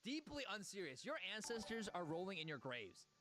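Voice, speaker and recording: A man's voice: sits high, very animated, fairly quick. A young man hosting a livestream, reacting to clips with mocking, slangy commentary. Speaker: livestream host.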